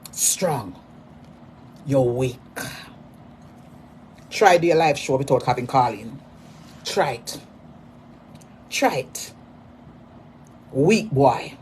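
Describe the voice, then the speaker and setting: A Jamaican woman delivering a mocking, repetitive rant at a rival, hurling insults in sudden loud bursts. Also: extremely low pitch, a little hiss or hum. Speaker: social media personality.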